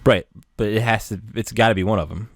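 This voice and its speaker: A man co-hosting a podcast, recapping TV scenes in casual chat with quick acted-out bits of dialogue and easy swearing. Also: fairly low pitch, no echo, clean studio sound. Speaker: podcast co-host.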